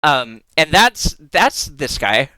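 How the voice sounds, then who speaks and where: A young adult streamer talking in unhurried, casual live-stream chat. The pitch swings widely as they giggle and gush, with the odd swear thrown in. The sound is close and dry, with no room around it. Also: big pitch swings, pushed and bright, no room sound.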